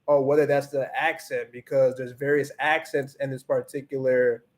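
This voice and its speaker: A man's voice: mid-range voice, level tone, normal speed. A man hosting a casual livestream, chatting loosely with many restarts, switching between English and Spanish as he reads the chat and laughs often. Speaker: livestream host.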